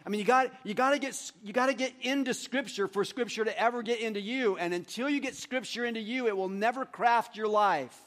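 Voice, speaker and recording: A man's voice: high-pitched, fairly quick, hardly any pauses, fairly bright tone. A man preaching a sermon in a church, in a conversational way, leading his congregation through group recitation. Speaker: pastor. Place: church sanctuary.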